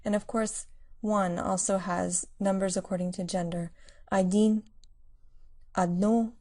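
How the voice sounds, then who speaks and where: A woman's voice: medium pitch, fairly even intonation, a little slow, mellow. Woman teaching Russian numbers, patiently. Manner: clear, patient explaining. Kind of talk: language lesson.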